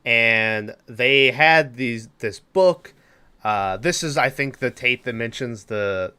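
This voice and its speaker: Bright, clear-voiced man recapping a film. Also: medium pitch. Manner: rambling, loose, with many fillers and profanity. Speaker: podcast co-host. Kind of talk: casual movie recap chat.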